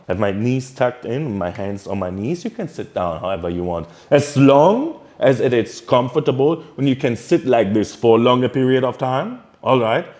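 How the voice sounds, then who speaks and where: Lively man coaching meditation. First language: German. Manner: earnest, coaching tone with frequent "all right?" check-ins; drops low and soft while guiding the breathing. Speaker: self-improvement vlogger. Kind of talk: talking to camera, teaching meditation.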